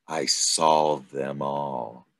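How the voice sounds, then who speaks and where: A mysterious, ominous desert snake speaks in slow riddles, in the deep gravelly voice of a man reading a storybook aloud. The tone is cryptic and unhurried, with a husky rasp. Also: very animated, full character voice.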